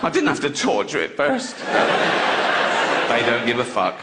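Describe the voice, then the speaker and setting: Stand-up comic over loud laughter. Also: male voice, mid-range voice, wildly swooping pitch, takes it slowly, a loud crowd, very noisy. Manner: conversational, crude, chuckling at own jokes. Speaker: stand-up comedian. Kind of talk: stand-up routine. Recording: loud audience laughter behind. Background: audience laughter.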